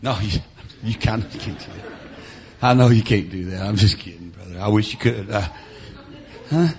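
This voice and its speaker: A middle-aged man preaching a revival sermon in a church over a PA. He punctuates his lines with "uh, amen" and "huh?" and swings between shouted preaching and quiet storytelling. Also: on the low side, normal speed, muffled recording. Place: church sanctuary with PA.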